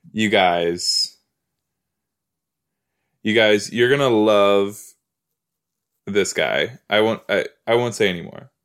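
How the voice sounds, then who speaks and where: Slow, low-voiced man chatting casually. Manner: rambling, full of "like" and "you know"; exclaims and repeats himself while reacting. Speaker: podcast host reacting to a TV episode. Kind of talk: casual watch-along chat.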